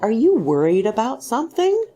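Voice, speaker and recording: A woman reading as a gentle, caring husband. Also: on the high side, wildly swooping pitch, moderate pace, breathy edge, faint music behind, pitched above the performer's own voice, exaggerated voice. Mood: solicitous. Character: mild, attentive middle-aged husband.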